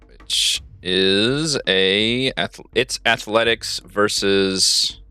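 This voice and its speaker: A man acting as dungeon master for a tabletop game, easygoing and quick to laugh. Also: on the low side, pushed and bright, clean tone, no room sound, soft background music.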